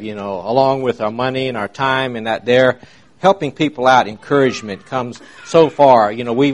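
A man preaching an informal, rambling sermon in a folksy way, with many fillers and restarts. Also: mid-range voice.

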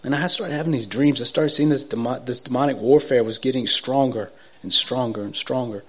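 Man giving a halting personal testimony. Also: medium pitch, breathy edge. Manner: halting, repetitive, swings from urgent to hushed. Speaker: testimony speaker.

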